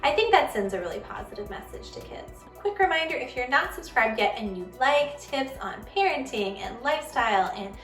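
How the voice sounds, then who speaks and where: A woman's voice: on the high side, animated, a little fast, hardly any pauses, a bit bright, far from the mic. A woman in her thirties hosting a parenting show, talking earnestly and conversationally about handling kids' feelings. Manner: earnest, conversational, acts out quoted kids and parents. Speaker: parenting vlog host. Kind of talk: casual advice talk to camera. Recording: echoey room, slightly off-mic, faint music.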